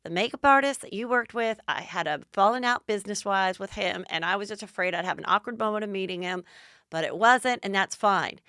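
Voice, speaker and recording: A woman doing a hushed, fretful rich lady. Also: medium pitch, fairly quick, smooth, no room sound, studio quality, close to an everyday voice. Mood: shaken. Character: impression of a rich Southern woman, anxious and flustered.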